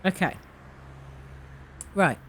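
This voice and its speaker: Slow, hesitant woman playing a tabletop game. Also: a bit bright. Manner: hesitant, many fillers, narrates her character's actions. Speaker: player.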